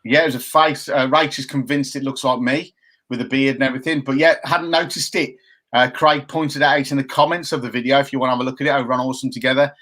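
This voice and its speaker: A man's voice: mid-range voice, steady tone, fast talker, a bit bright. A man in his fifties co-hosting a casual live chat show, chatty and jokey as he reads out viewer comments. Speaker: co-host.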